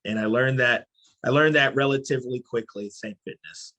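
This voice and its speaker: A middle-aged man from Haiti and New York, speaking as a podcast guest in a thoughtful, measured way. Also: medium pitch, a bit bright. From born in Haiti, raised in New York. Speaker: podcast guest, company CEO. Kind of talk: casual podcast interview.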